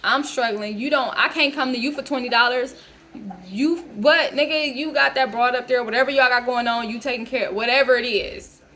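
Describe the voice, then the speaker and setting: A woman's voice: a little high, brisk, bright, forceful tone. A woman in her thirties ranting bluntly to camera in a vlog, heated and full of profanity. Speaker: vlogger. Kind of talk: casual rant to camera.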